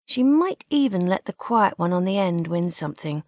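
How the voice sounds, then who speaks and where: A woman narrates a scripted audiobook in a measured, even storytelling manner. Her voice is lowish, and the studio-quality recording has no room sound.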